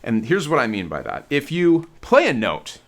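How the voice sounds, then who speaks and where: A man's voice: medium pitch, huge pitch swings, normal speed. A man hosting a casual guitar lesson, explaining in a conversational way while demonstrating on his guitar. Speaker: guitar teacher and channel host.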